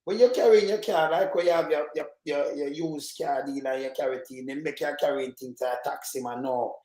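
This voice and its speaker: A man with a Jamaican accent chiming into a casual talk, animated and speaking Patois. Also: a little high, fairly quick, reverberant, poor audio. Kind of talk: casual chat.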